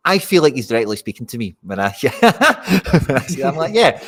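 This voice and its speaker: A man's voice: medium pitch, sing-song, fairly quick, slightly rough. A Scottish man hosting a live fantasy football stream, chatting casually and talking straight to his viewers. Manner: chatty, addresses viewers directly.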